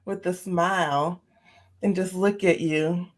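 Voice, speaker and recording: A woman on a podcast, earnestly telling a personal story, her voice leaping up in pitch when she gets animated. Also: slow pace. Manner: earnest, repeats phrases for emphasis. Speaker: podcast guest, speaker on seizing the day.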